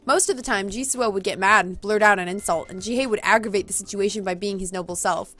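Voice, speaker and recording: A woman reading a visual novel aloud as a let's play host, reacting loudly and laughing along. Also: medium pitch, fast talker.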